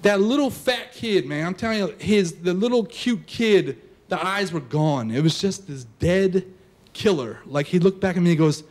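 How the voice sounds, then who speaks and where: High-voiced man telling a story on stage. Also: normal speed. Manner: casual, animated, lots of "like" fillers. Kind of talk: live personal storytelling. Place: stage before a live audience.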